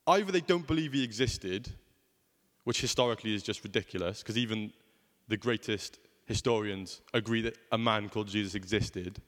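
A man's voice: lowish voice, normal speed, a bit bright, in a large hall. A young man preaching a sermon in a conversational way, often asking rhetorical questions.

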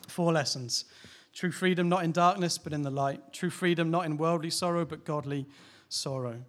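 A man's voice: fairly high pitch, steady tone, moderate pace. A man, a pastor, preaching a sermon in a candid, conversational way, asking rhetorical questions and laughing lightly now and then.

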